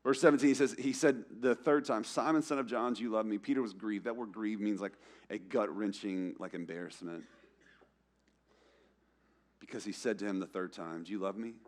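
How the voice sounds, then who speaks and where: A young man preaching a sermon in a church, casual and conversational, acting out quotes with slang and swinging between loud emphatic lines and hushed ones. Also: lowish voice, steady tone, normal speed. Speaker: pastor.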